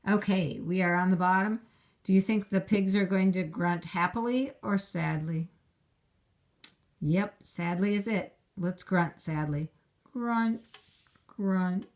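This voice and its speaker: Slow, clear woman reading to young kids. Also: on the low side, a little mellow. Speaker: teacher. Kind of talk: reading a storybook aloud to young children.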